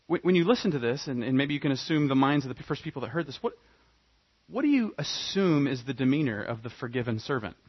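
A man preaching a sermon, dramatic, swinging between loud emphatic points and quiet hushed asides. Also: medium pitch, lively intonation, fast, husky, dull audio. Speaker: pastor.

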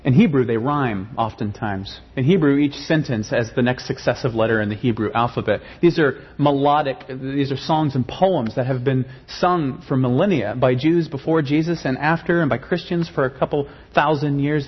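A man's voice: mid-range voice, normal speed, few pauses, breathy edge, lo-fi sound. A man preaching a sermon in an earnest way, often repeating words and rising into passionate pleading. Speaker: pastor.

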